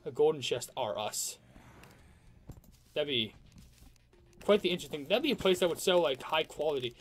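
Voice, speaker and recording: Excitable let's play commentator. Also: mid-range voice, moderate pace, faint music behind. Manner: excitable, talks to enemies, frequent outbursts. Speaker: gamer commentating own playthrough.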